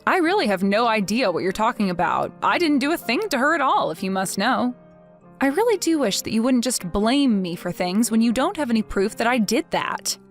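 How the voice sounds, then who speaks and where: A woman's voice: a little high, big pitch swings, brisk, soft background music. A woman voicing a cold, vengeful wife. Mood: taunting. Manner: mocking, sarcastic. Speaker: wife in a text-message story.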